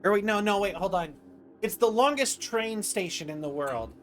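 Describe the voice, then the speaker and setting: A man's voice: sits high, animated, moderate pace. A male streamer chatting over gameplay in a rambling, self-deprecating way. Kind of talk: live-stream gameplay chat.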